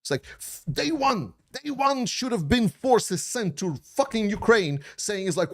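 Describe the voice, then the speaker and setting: A man's voice: high voice, sing-song, unhurried, few pauses. A man hosting a commentary channel, answering viewer questions in an unscripted stream. He talks bluntly and heatedly, swears often and has slightly non-native grammar.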